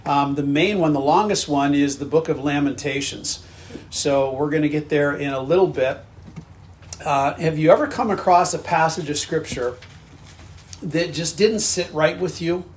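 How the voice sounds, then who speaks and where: High-voiced man preaching conversationally. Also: moderate pace, a little hiss or hum. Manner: conversational, earnest, with frequent restarts. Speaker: pastor. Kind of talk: sermon.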